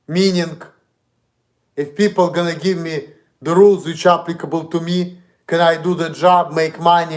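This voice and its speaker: A man with a Russian accent, streaming an indignant, profane, repetitive rant. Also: fairly high pitch. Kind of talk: ranting monologue.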